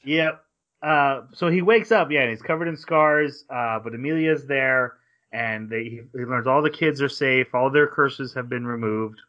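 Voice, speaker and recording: A man co-hosting a podcast, casually recapping an episode in a rambling way with quick quoted asides. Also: mid-range voice, dull audio. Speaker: podcast co-host.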